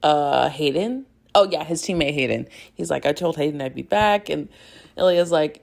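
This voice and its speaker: Gravelly-voiced excitable woman podcaster. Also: sits low, moderate pace. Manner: excitable, giggly, rambling with many fillers. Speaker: podcast host. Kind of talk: casual fangirl recap.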